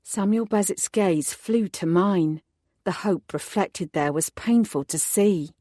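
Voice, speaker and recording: A woman's voice: mid-range voice, slow, warm tone, no room sound. Woman narrating an audiobook, dry and close. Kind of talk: scripted first-person narration.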